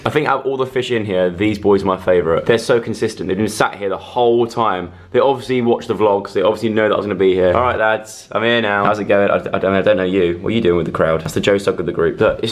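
A man's voice: fairly low pitch, fast talker, few pauses. A young man in his twenties vlogging a hotel suite tour on a handheld camera, chatty and joking, talking to the fish. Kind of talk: casual excited vlog tour.

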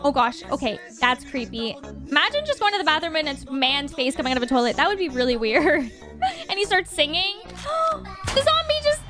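A young woman hosting a reaction video, gasping and gushing with quick exclamations as she comments on animations. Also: sits high, very animated, over music.

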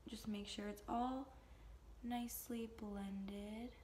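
Slow-talking young woman vlogger. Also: medium pitch, fairly even intonation, a little mellow, slight background noise. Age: young adult. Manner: chatty, goofy joking asides. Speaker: beauty vlogger. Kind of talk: casual makeup tutorial.

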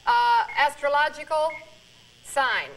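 A woman's voice: high-pitched, background noise. A woman playing a TV word game, giving clues and joking playfully. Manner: playful, wisecracking, deliberate. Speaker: celebrity game partner. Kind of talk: game show banter and clue-giving.

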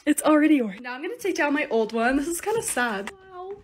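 A woman narrating her short DIY and restock videos in a bubbly, excitable, self-mocking way. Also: sits high, fast talker. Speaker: lifestyle creator.

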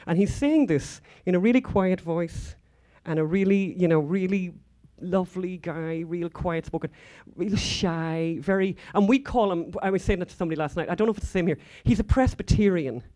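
A woman's voice: fairly low pitch, normal speed, few pauses, mellow. An Irish woman giving an anecdotal conference talk, chatty and rambling, full of asides and fillers. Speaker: conference speaker. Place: conference hall stage.

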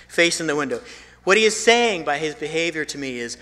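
A man preaching a sermon as a pastor, telling a story and swinging from emphatic lines to hushed ones, with phrases repeated for emphasis. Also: fairly high pitch, lively intonation, brisk. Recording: long hall reverb.

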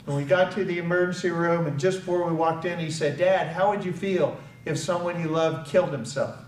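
A man's voice: on the high side, steady tone, fairly quick, slight background noise. An older American man giving an earnest public speech, telling a personal story and acting out the voices of the people in it. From United States. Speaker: speaker. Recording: echoey hall from far off, faint ambience.

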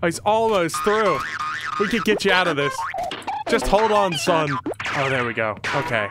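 A man giving excitable commentary on a horror game, yelping and shouting at scares. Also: on the high side, normal speed, noisy background. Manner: jumpy, yelps and shouts at scares. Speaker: let's play host.

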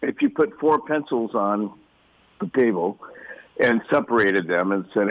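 A man's voice: lowish voice, unhurried, dry recording, poor audio. Dry close-miked man telling stories. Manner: animated, acts out quoted voices. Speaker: guest storyteller. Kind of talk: casual storytelling in an interview.

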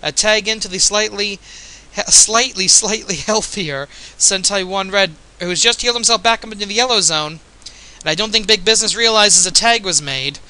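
A man's voice: high voice, normal speed, sharp tone, rough recording. A man giving casual, jokey play-by-play commentary in an offhand, chatty way, a bit tipsy.

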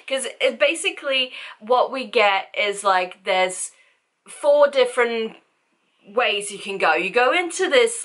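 A woman's voice: on the high side, sharp tone. A woman vlogging a casual book review, rambling and chatty with lots of fillers.

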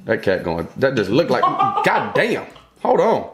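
A man's voice: medium pitch, huge pitch swings, measured pace, a bit bright. A young man giving casual reaction commentary on funny clips, swearing and joking in heavy slang. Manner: profane, exclaiming, joking slang-heavy banter.

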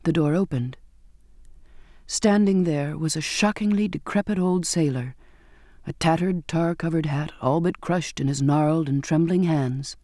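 A man narrating a novel in first person with a measured, expressive reading. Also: a little high, dry recording, studio quality. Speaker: audiobook narrator. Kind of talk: scripted narration.

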